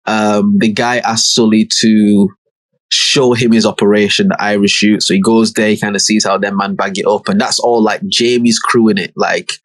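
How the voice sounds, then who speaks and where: A man's voice: lowish voice, moderate pace, no room sound. A man, co-hosting a podcast and retelling a TV episode in casual chat, acting out characters' lines with slang. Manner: animated, acts out characters' lines with slang and swearing. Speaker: podcast co-host.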